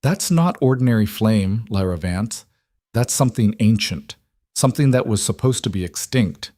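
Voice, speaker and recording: A man's voice: fairly low pitch, expressive, moderate pace, dark tone, no echo. A man playing a wounded male alpha wolf king who speaks tersely with a dry, teasing wit. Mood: intent.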